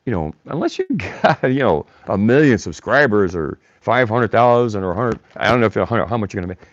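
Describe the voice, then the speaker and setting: A man's voice: medium pitch, no echo, muffled recording. Blunt combative man hosting a livestream. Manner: blunt, combative, mocks chatters by name. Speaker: livestream host. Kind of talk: live-stream rant reading chat.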